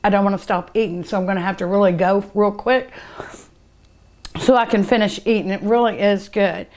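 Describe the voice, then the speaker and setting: A woman's voice: mid-range voice, darkish tone. A middle-aged woman with a drawl savors food on her cooking show, taking her time and lingering over every word. She gushes openly and hums with pleasure between bites. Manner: savoring and gushing, with many drawn-out hums of delight.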